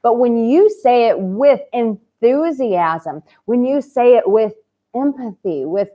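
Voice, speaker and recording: A woman's voice: a little high, expressive, slow, lo-fi sound. A woman who coaches men on dating, giving advice straight to her viewers in a passionate, candid and cheeky way, with the odd casual swear. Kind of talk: direct-to-camera advice vlog.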